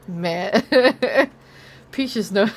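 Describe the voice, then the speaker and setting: A woman's voice: on the high side, a bit bright. A young woman streamer chatting casually while gaming, laughing often, teasing and swearing.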